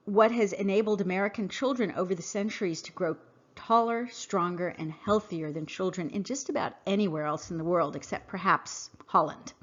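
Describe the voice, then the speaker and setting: A woman hosting a podcast, reading a scripted monologue in an earnest, emphatic, measured way. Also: mid-range voice, fairly bright tone, highs cut off. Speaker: podcast host. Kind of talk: scripted monologue read aloud.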